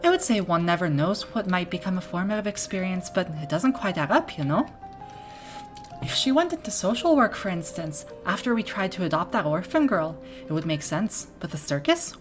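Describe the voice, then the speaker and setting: A woman's voice: fairly low pitch, sing-song, fairly quick, music in the background. A woman reading the lines of a chatty small-town parent in a video game, in a put-on Minnesota accent that drifts into Irish. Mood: gossipy, fretful. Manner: folksy, gossipy, talkative. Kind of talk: reading game dialogue aloud.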